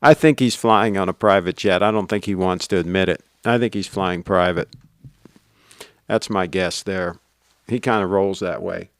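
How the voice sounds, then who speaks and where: A man's voice: sits low, steady tone, normal speed, smooth, dry recording. A middle-aged man hosting a casual livestream, chatting, laughing often and reading viewer comments aloud. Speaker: livestream host.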